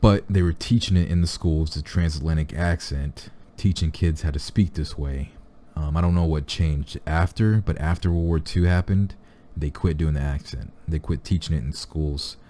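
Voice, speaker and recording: Very deep-voiced man chatting casually. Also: normal speed, few pauses, mellow. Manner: rambling, full of fillers and restarts. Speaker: reaction video host. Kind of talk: casual chat.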